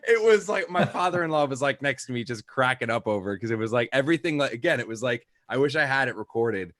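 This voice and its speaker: A man's voice: mid-range voice, expressive, fast, fairly bright tone, no room sound, studio quality. A young man, a podcast co-host, telling a rambling casual anecdote full of "like" and quoted lines. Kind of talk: casual chat, storytelling.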